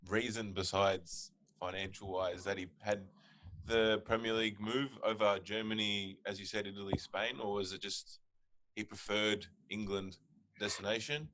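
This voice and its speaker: A man's voice: lowish voice, flat delivery, moderate pace, fairly bright tone, slight background noise, rough recording. A man co-hosting a podcast, asking the guest a long, winding question. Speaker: podcast host. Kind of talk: casual interview questions.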